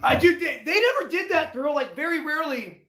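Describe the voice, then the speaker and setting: A man's voice: extremely high pitch, big pitch swings, a little fast, fairly bright tone, reverberant, faint music behind. A man co-hosting a casual baseball chat, talking bluntly and swearing casually. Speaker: co-host, former ballplayer.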